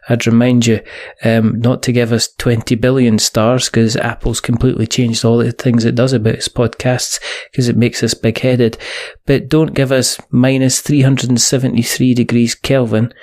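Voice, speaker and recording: A man's voice: medium pitch, a little mellow. A man hosting a podcast, wrapping up with teasing, rambling jokes. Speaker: podcast host. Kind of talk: casual podcast chat and sign-off.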